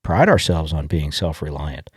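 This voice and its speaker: A middle-aged man from Illinois hosting a farming podcast, telling stories in a folksy, halting way. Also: extremely low pitch, lively intonation, husky, dry recording, studio quality. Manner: folksy storyteller, halting restarts. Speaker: podcast host. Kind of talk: casual podcast monologue.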